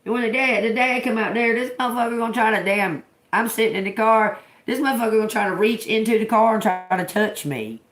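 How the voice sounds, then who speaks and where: A woman's voice: a little high, fast, few pauses, fairly bright tone. A woman, a tarot reader on a livestream, telling stories bluntly with lots of swearing and laughter. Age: adult with a grown daughter. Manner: blunt and profane, laughs often. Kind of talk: casual livestream storytelling. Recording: roomy echo.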